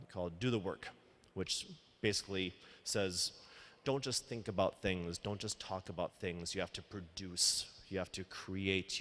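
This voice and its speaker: A man's voice: on the low side, fairly bright tone. Man, earnest storyteller at a conference, reverberant hall. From Minnesota, United States. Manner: earnest, acts out quoted dialogue. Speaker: wine blogger telling a story. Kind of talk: storytelling talk to an audience.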